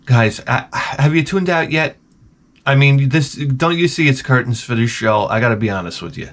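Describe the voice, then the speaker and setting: A man's voice: mid-range voice, expressive, normal speed, fairly bright tone, a little hiss or hum. A man in his forties with a sarcastic, self-mocking manner, rambling through a comic story outdoors by his shed. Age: 40s. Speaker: vlogger. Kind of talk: rambling comedic monologue.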